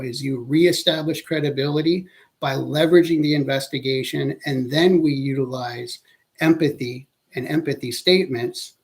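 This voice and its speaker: A man presenting an instructional talk as an interview-training instructor, speaking in a measured, earnest way and now and then correcting himself mid-sentence. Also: medium pitch.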